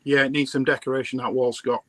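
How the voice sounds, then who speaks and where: A man's voice: mid-range voice, little pitch movement, fast talker, no echo. A man appearing as a guest on a live stream, making dry, wry remarks in casual chat.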